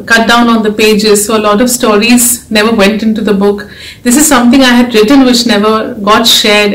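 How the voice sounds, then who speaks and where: A woman giving an earnest, emotional devotional talk, urging her listeners to keep faith. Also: on the high side. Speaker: devotional speaker and author. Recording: echoey room.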